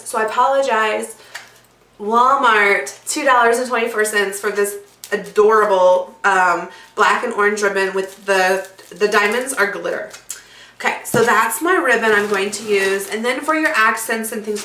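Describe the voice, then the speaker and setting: Chatty woman with a bright, echoey sound. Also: medium pitch, normal speed. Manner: chatty and bubbly, with many fillers and asides. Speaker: craft video host. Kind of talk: casual craft tutorial. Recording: echoey room, mic at a distance.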